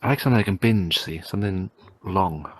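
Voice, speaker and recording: A man's voice: deep voice, a little fast, breathy edge, dry recording. A man with a Welsh accent, co-hosting a casual podcast chat with blunt, sweary banter. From Wales. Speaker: podcast co-host.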